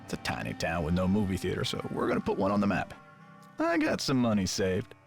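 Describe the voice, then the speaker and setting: A man's voice: low voice, huge pitch swings, fairly quick, creaky, soft background music, exaggerated voice. An actor playing a kindly older man who runs a movie theater projection booth, talking in a homespun, storytelling way.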